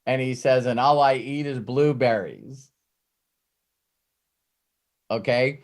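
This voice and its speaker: A man's voice: mid-range voice, slow. A man hosting a Q&A, retelling a story with frequent "uh" fillers before an earnest motivational pep talk, heard over a video call.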